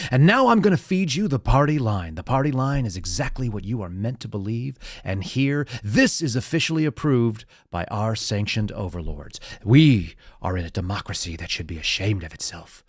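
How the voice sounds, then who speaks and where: A man's voice: fairly low pitch, slightly rough, no room sound, studio quality, pitched below the performer's own voice. A man voicing a pompous male TV pundit in a suit and tie, in a mocking, droning tone.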